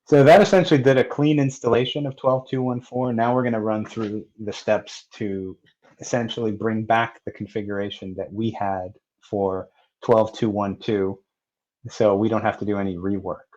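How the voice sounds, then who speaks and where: Low-voiced man narrating a dull lo-fi screencast. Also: steady tone, moderate pace, darkish tone. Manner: plain, step-by-step narration with fillers. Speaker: software tutorial presenter. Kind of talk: screen-recorded technical walkthrough.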